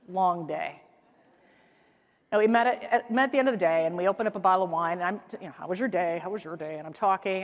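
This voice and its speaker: A middle-aged woman from the Midwest delivers a conference keynote, telling stories with energy and playing the people in them. Her voice sits in a middle range for a woman. The sound carries the long reverb of a big hall. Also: mid-range voice. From American Midwest. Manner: lively storytelling, acts out quoted voices. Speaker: keynote speaker. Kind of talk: keynote talk on stage.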